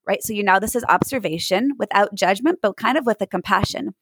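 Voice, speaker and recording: A woman's voice: mid-range voice, a little fast, few pauses, a bit bright, breathy edge, dry recording, poor audio. A woman giving mindfulness advice to parents in an interview, earnest and acting out examples as she explains.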